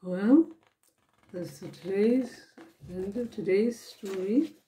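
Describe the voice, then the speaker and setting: Slow, mellow-voiced woman reading a storybook. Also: medium pitch, rough recording. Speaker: grandmother reading picture books aloud. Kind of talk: storybook read-aloud.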